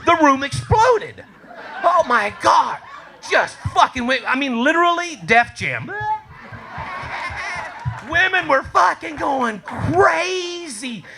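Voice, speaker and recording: A man telling a profane, animated story on a comedy club stage, swearing and laughing through his lines. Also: extremely high pitch, slow, vocal fry, pauses often, noisy background.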